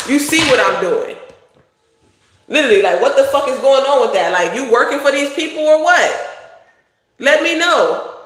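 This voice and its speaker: A woman's voice: high voice, fairly bright tone. A woman doing a casual psychic tarot reading, blunt and profane, rambling from thought to thought. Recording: very echoey room, faint noise.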